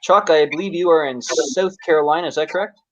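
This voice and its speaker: A Canadian man hosting a pool tournament livestream, relaxed and joking, with many fillers. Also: fairly high pitch, fast talker, no room sound, muffled recording. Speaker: tournament host. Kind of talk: livestream commentary.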